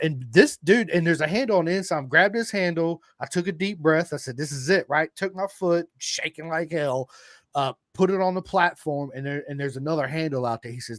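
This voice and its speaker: A man in casual podcast chat, telling a story with animated acted-out quotes and swearing. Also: a little fast, no echo. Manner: animated, swearing, acts out quotes with big pitch jumps. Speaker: podcast guest.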